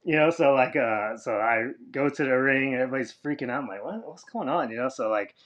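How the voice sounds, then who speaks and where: A man, a former wrestler, telling a long story as a podcast guest, with lots of fillers, and he jumps high and loud when he quotes other people. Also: fast talker, highs cut off. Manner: rambling, filler-heavy, acts out quoted voices high and loud. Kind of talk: casual storytelling interview.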